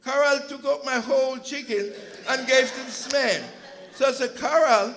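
A male preacher giving an impassioned sermon, telling stories from his church's food pantry and at times rising to a shout. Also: extremely high pitch, normal speed, rough recording. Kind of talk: sermon with storytelling.

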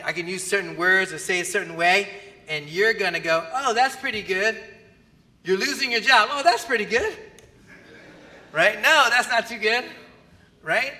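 A man preaching a sermon as pastor, animated and often asking the audience questions. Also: high-pitched. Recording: long hall reverb.

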